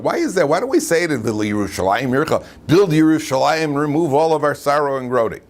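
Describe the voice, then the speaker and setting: A man, a rabbi, teaching an informal Torah class in a lively way, often asking his students questions. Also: on the high side, fast, hardly any pauses. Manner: lively, asks the class questions, frequent "right?".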